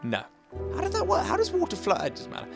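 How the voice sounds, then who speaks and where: A man hosting a video game let's play, chatting and rambling to himself and his viewers, switching between loud bursts and soft muttering. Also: very high voice, huge pitch swings, fast talker, vocal fry, music in the background.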